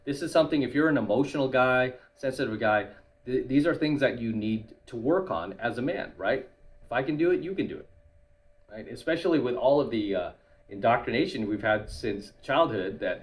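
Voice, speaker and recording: A man's voice: medium pitch, lively intonation, fairly quick. A man hosting his channel, giving other men advice in a casual monologue and tagging nearly every point with "right?".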